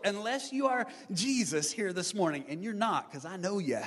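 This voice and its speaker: A male pastor giving a live sermon, building to shouted emphasis with repeated refrains. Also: high voice, animated, moderate pace. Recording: live sermon in reverberant hall.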